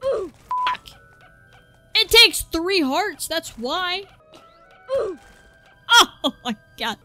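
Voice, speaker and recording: A young woman commentating her own game playthrough, excitable and swearing freely, reading the on-screen text aloud. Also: extremely high pitch, very slow. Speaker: gaming channel host. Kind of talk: let's-play commentary. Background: faint game music.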